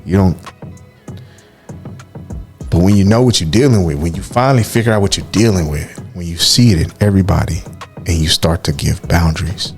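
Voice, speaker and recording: A man's voice: low-pitched, brisk, pauses often, faint music behind. A man co-hosting a podcast, speaking candidly and heartfelt about his life, often saying "man". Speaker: podcast co-host. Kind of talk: candid personal talk.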